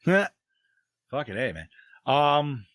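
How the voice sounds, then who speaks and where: A man's voice: mid-range voice, sing-song, very slow, a bit bright, dry recording. A man hosting a casual film review podcast. He swears freely, giggles often and keeps losing his place. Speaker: podcast host.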